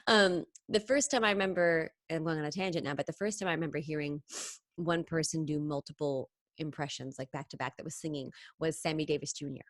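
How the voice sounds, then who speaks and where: A woman singer chatting in an interview, telling stories quickly and animatedly, full of tangents. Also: low voice, dry recording, clean studio sound. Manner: fast, animated storytelling with tangents and laughs. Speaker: singer and impressionist, interview guest. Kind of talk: casual interview chat.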